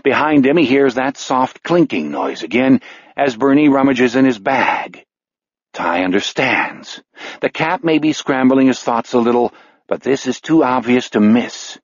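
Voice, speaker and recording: A man narrating an audiobook in a measured voice, slowing on grim details. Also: medium pitch, lively intonation, no echo, highs cut off.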